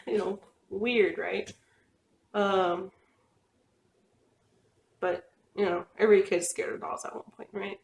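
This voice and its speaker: Young woman, casual rambling storyteller, mid-pitched voice, roomy echo. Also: fairly even intonation, slow pace, vocal fry, long pauses. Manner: rambling, chatty, with frequent fillers and laughs. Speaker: vlogger telling personal stories. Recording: echoey room.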